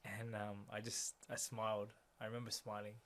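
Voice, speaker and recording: A young man telling a personal story as a guest in a conversation, speaking quietly and reflectively, often letting his voice drop softer. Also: fairly low pitch, little pitch movement, normal speed, slight background noise. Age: young adult.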